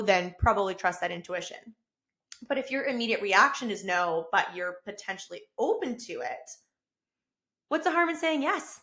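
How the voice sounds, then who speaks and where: A woman in her thirties hosting her own podcast, talking casually and enthusiastically. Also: mid-range voice. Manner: enthusiastic, effusive, rising to excited bursts. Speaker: podcast host. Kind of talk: casual solo podcast monologue. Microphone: self-recorded with camera.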